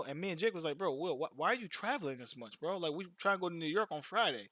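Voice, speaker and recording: A man's voice: fairly high pitch, animated, fast talker, few pauses, a bit bright, no echo, clean studio sound. A man streaming and chatting casually, telling long slangy stories with repeated false starts. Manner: loose slangy storytelling, repeats words. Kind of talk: casual chat.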